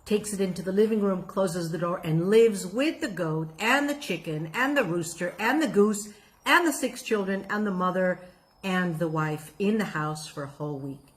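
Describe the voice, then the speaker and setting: A woman telling a folk tale in an expressive, reflective way, then drawing out its lesson. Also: on the low side, moderate pace. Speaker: storyteller. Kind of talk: folk tale storytelling with a moral.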